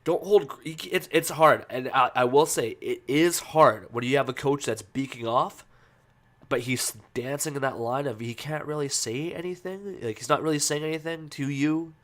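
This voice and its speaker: A man's voice: medium pitch, moderate pace, fairly bright tone. A man hosts a casual podcast in an ordinary mid-range voice. He talks loosely and hesitantly, full of fillers and restarts, then slides into heated, profane ranting. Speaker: podcast host.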